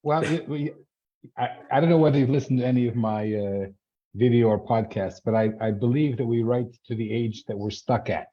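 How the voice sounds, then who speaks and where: A man hosting a podcast interview, asking questions and interjecting quickly. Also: mid-range voice, warm tone. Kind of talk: conversational interview. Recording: dull muffled lo-fi audio.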